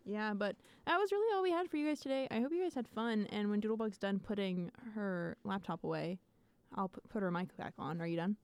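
A woman's voice: medium pitch, expressive, fairly quick, a little mellow, clean tone. A young woman hosting a casual podcast. She teases her co-host playfully and laughs easily. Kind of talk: casual chat.

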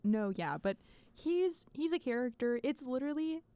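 A woman's voice: high voice, expressive, moderate pace, dark tone. A young woman hosting a casual podcast. She teases her co-host playfully and laughs easily. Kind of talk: casual chat.

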